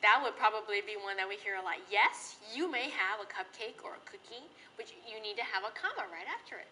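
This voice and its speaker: Bright-voiced woman teaching a class. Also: medium pitch, lively intonation, fairly quick, a little hiss or hum, low-quality recording. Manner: patient, clear, sing-song teaching voice. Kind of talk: classroom grammar lesson.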